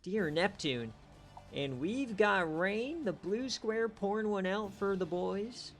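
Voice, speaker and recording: Faint music plays behind this slow-talking man as he hosts a league stream. His play-by-play recaps are relaxed and jokey, swinging between quiet mutters and bursts of excited yelling.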